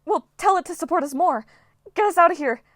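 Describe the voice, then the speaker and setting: A woman's voice: very high-pitched, lively intonation, brisk, dry recording, studio quality, voice pushed up. A woman voicing a panicked teenage girl. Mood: pleading. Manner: panicked, breathless. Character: frightened teenage girl demigod.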